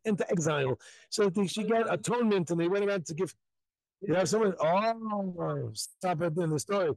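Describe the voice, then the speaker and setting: Fast, lively storytelling man. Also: fairly high pitch, dry recording, rough recording. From Jerusalem. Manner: animated, acts out voices in stories. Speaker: rabbi storyteller. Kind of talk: live outdoor storytelling.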